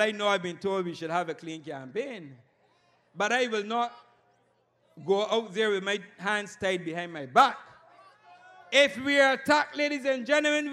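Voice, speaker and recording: A man with a Barbadian accent giving a fiery campaign rally speech, shouting and repeating his address to the crowd. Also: very high-pitched. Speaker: political candidate.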